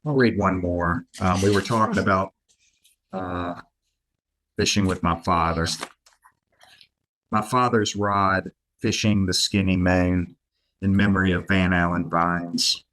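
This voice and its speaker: Slow, deep-voiced man. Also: slight background noise. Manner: unhurried, reads poems in an even measured tone. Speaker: guest poet. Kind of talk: podcast chat and poetry reading.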